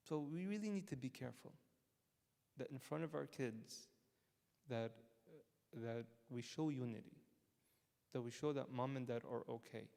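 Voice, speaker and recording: A priest giving a conversational sermon built on personal stories, with frequent stammering restarts and chuckles. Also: male voice, mid-range voice, gravelly, darkish tone. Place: church hall. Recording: long church-hall reverb.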